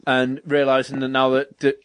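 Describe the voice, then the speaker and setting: A man co-hosting a podcast, rambling through an animated retelling in casual chat. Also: mid-range voice, moderate pace, clean tone, no room sound. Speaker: podcast co-host. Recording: dry close mic.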